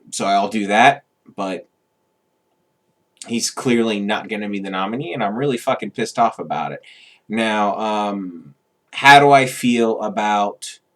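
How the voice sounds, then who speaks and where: A man ranting as a vlogger, swearing often and stopping on frequent fillers. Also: fairly low pitch. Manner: profane, agitated, many fillers. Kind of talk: political rant.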